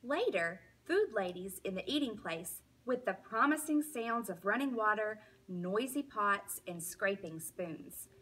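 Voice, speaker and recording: A woman teacher reading a children's storybook aloud in a slow, expressive way. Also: mid-range voice, slightly rough.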